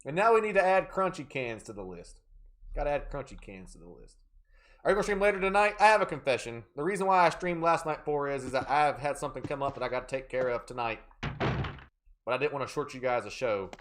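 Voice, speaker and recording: A man live-streams a horror game in a casual chat, joking around, bantering playfully with viewers, and reading out their names to thank them. He talks quickly, with lively intonation and a medium, fairly bright voice.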